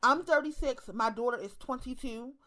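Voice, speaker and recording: Woman, 30s, Baltimore accent, slightly high voice, blunt, profane monologue with lots of repetition. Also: normal speed, sharp tone. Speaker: online commentator. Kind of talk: casual monologue to camera.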